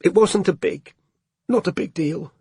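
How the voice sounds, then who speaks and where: A man's voice: mid-range voice, expressive, moderate pace, breathy edge, no room sound, clean studio sound. A man voicing a young woman detective who is tearful and shaken, with a strained, breaking voice. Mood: distraught.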